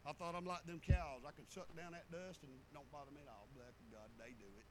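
A man's voice: on the high side, fairly even intonation, fairly quick, background noise. A middle-aged man, a pastor preaching a sermon in a folksy storytelling way with rural turns of phrase.

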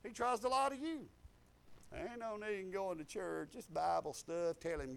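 A middle-aged man delivering a sermon in a notably high voice. He swings from shouted declarations down to quiet, confiding asides, and tells stories in a folksy way. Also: normal speed, creaky, a little hiss or hum. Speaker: preacher. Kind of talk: testimony sermon.

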